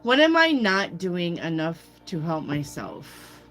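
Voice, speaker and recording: A woman's voice: lowish voice, very animated, slow, a bit bright, soft background music. A woman giving a casual live tarot reading, chatty and swearing freely as she calls out viewers by name. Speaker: tarot reader.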